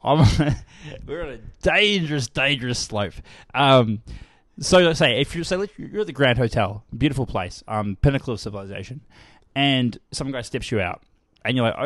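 A man's voice: medium pitch, lively intonation, normal speed, fairly bright tone, no echo, studio quality. A young Australian man co-hosting a podcast, rambling and joking through casual banter. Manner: jokey, rambling, laughing banter. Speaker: podcast co-host.

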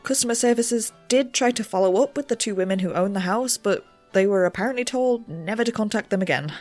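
A woman's voice: medium pitch, a little fast, darkish tone, soft background music, lightly acted. A woman playing a nervous young researcher who bends the rules and narrates in a rambling, self-deprecating way. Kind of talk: audio drama narration.

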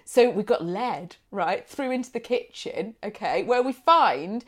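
A woman's voice: medium pitch, unhurried. A woman telling a holiday story in casual chat, acting out the people she quotes and laughing often. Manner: animated storytelling, bursts into laughter, acts out quotes.

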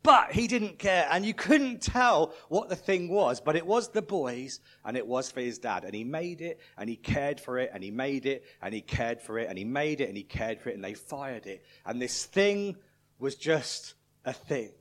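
Animated preacher telling a story. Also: male voice, mid-range voice, moderate pace. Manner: animated storyteller, swings from loud to hushed. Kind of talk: sermon with storytelling.

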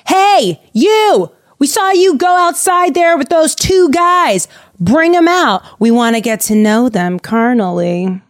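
A woman voicing an angry town crowd yelling demands in a high, loud voice. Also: unhurried, few pauses, no room sound, clean studio sound, close to an everyday voice. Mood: menacing. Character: rowdy shouting town mob.

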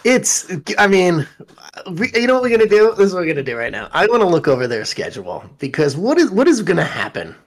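A man's voice: sits high, wildly swooping pitch, fast. A man co-hosting a podcast, chatting casually about football, blunt and swearing. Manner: blunt, swears, jokes about his team. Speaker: podcast co-host. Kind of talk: casual sports chat.

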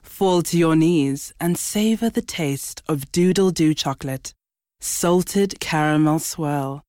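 A low, sultry female ad voice, played by a woman lingers over every word in a slow, hushed purr. It is a mock chocolate commercial read, drawn out and seductive. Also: no echo, clean studio sound.

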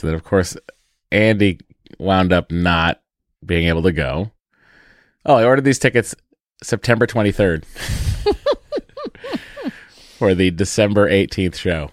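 A man with a very low voice talks casually as a podcast host. He rambles through a story, cutting himself off and starting over. The sound is dry and close, with no room echo. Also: unhurried, long pauses. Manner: rambling, self-interrupting storyteller. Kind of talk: casual chat.

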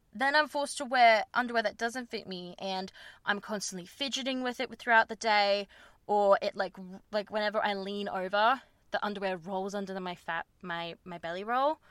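Frank young woman, bright voice. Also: on the high side, clean tone, no room sound. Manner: frank, rambling, filler-heavy, laughs at herself. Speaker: podcast host. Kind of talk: candid personal chat.

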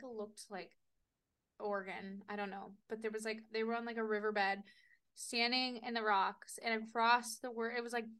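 A young woman co-hosting a casual podcast, telling stories with big swings between loud and quiet, swearing freely. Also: a little high, clear, resonant tone. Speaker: podcast co-host. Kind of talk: casual chat.

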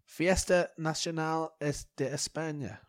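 A man's voice: a little high, steady tone, a little slow, dry recording, studio quality. Sweary man with a cough. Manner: rambling, sweary, mock-outraged, self-mocking. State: bad cough. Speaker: podcast host. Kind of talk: rambling solo podcast chat.

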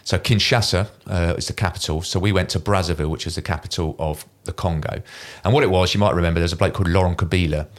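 A middle-aged man, a former Royal Marine guest telling an animated war anecdote in a casual interview. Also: sits low, quick pace, hardly any pauses. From Kent, England. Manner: animated anecdote teller, mimics voices in quoted lines.

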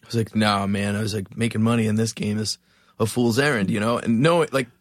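A man with a low voice recounts a story from the road in easygoing talk. He slips into the voices of the people he meets as he tells it. The sound is dry and close, with no room around it. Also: fairly quick, no echo. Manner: animated storyteller, acts out quoted voices. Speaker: touring musician guest. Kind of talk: casual storytelling.

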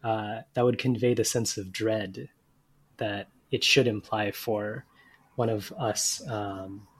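A man's voice: fairly low pitch, steady tone, takes it slowly, slightly rough. A man, a comedian guest on a podcast, making mock-earnest suggestions in a dry manner. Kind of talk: casual comedy podcast chat.

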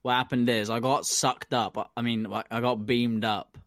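A man's voice: medium pitch, flat delivery, moderate pace, fairly bright tone, dry recording, studio quality. A man co-hosting a comedy podcast, telling a story in a laid-back, slangy way. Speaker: podcast co-host. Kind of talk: casual chat.

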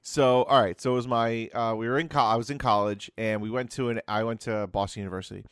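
A man's voice: mid-range voice, steady tone, fast talker, smooth, no room sound, studio quality. Rambling young man telling a story. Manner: rambling, self-interrupting storyteller. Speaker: podcast co-host. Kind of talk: casual storytelling chat.

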